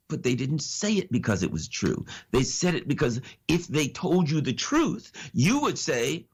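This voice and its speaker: Animated husky man, preachy commentary. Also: on the high side, normal speed, few pauses. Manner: animated, preachy, rhetorical questions, repeats phrases. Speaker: political analyst guest. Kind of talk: impassioned radio commentary.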